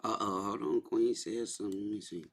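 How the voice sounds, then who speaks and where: A man's voice: fairly low pitch, fairly even intonation, brisk, slightly rough. A man hosting a casual livestream, talking loosely and repeating his points. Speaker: livestream host.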